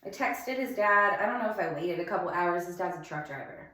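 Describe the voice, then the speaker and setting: A young woman telling a painful personal story in a halting, emphatic way, often restarting her sentences. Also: on the low side, expressive, bright, forceful tone. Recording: very echoey room.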